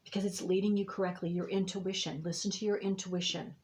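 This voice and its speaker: A woman's voice: medium pitch, flat delivery, a little fast, darkish tone. Woman, reader of a monthly intuitive forecast; meandering, reassuring delivery, mid-range voice. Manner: meandering, rambling with many fillers and restarts. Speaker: astrology and tarot reader. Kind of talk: monthly intuitive reading to viewers.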